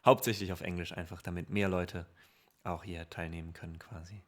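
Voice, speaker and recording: A man with a German accent chats casually with his livestream viewers. His voice sits fairly low. He stays upbeat and laughs often as he answers them. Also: flat delivery, fairly quick. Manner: upbeat, laughs often while reading out chat. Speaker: music livestreamer.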